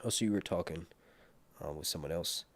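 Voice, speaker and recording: A man's voice: sits low, fairly quick, no echo. Rambling man livestreaming, dry mic. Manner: rambling, animated, mutters asides to himself. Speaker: livestream host reviewing a TV series. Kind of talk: casual livestream chat.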